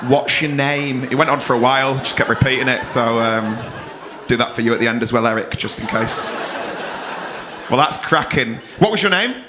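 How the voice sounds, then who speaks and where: A man's voice: medium pitch, steady tone, fairly quick. A man hosting as compere in a comedy club, teasing audience members with cheeky banter before bringing on the next act. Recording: live comedy club with clear audience noise.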